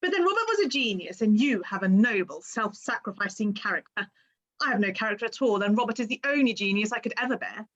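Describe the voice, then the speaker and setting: A woman's voice: medium pitch, expressive, fast, fairly bright tone, highs cut off. An actress playing a vain, witty young society woman, delivering her lines with arch, playful comic timing. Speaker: amateur stage actress. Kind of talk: stage play performance.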